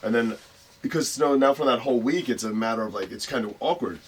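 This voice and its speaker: Male wrestler guest, quick casual storyteller, animated voices for quotes, medium pitch. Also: a little hiss or hum. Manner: profane, animated, acts out quotes in changing voices.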